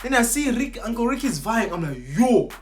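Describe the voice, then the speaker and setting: A young man telling an excited storytime vlog, slangy and animated, acting out what people said. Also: very high voice, quick pace, faint music behind. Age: young adult. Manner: animated, slangy, acts out quotes. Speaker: vlogger.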